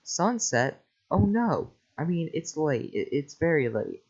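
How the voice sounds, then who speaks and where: A man's voice: on the high side, big pitch swings, unhurried, a little mellow, voice pushed up, heavily acted. A man voicing an earnest young princess under a curse, a little flustered, in a casual script reading. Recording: lo-fi home mic.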